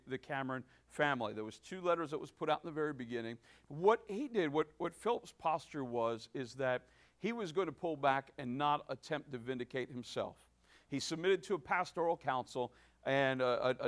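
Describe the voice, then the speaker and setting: A male pastor giving a sermon, with many restarts and fillers, building to emphatic points. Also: fairly high pitch. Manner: halting with many restarts, rising to emphatic preaching.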